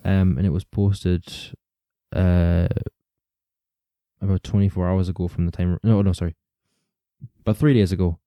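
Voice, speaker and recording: A man's voice: low voice, flat delivery, moderate pace, pauses often, dark tone, no echo. A man hosting a casual true-crime podcast, rambling along, laughing often and swearing now and then. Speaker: podcast host.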